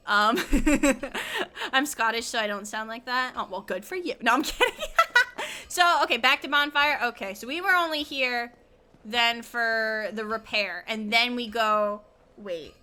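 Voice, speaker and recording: Bright, high-pitched chatty woman gamer. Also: measured pace, smooth. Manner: rambling, giggly, talks to chat while playing. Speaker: streamer. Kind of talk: casual gaming stream chat.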